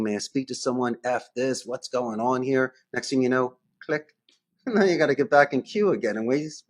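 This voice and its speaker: A medium-pitched man appears as a guest on a podcast, where he talks about running a call center. The interview is conversational, and he acts out phone calls using different voices.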